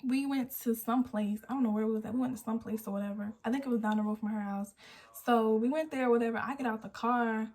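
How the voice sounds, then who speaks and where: An eighteen-year-old woman tells a storytime vlog, acting out everyone's lines as she goes. Her voice sits a little high, and she is recorded on a phone camera. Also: quick pace. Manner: animated storytelling, acting out quotes. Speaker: vlogger.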